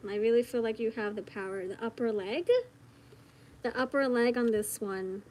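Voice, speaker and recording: A woman giving a casual tarot reading straight to the viewer, chatty and giggly, thinking out loud as she goes. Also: a little high, steady tone, moderate pace, a little hiss or hum, rough recording. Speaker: tarot reader.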